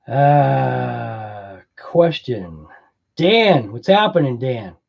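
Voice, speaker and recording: A man's voice: mid-range voice, creaky, a little mellow, slightly rough, muffled recording. A man with a Boston accent hosting a casual livestream, chatting with viewers, laughing often and rambling through explanations. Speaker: livestream host.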